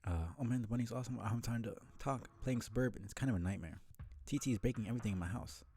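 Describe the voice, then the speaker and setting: A man's voice: medium pitch, very fast, husky. Man voicing a flustered thirteen-year-old boy. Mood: anxious. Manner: anxious, excitable.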